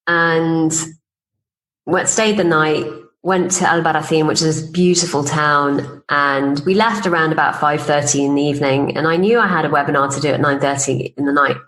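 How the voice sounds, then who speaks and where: A woman's voice: sits low, fairly even intonation, normal speed, a bit bright, rough recording. A woman business coach, a podcast guest, telling personal stories in casual conversation and acting out the dialogue she quotes. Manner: chatty, acts out quoted dialogue, laughs while telling stories.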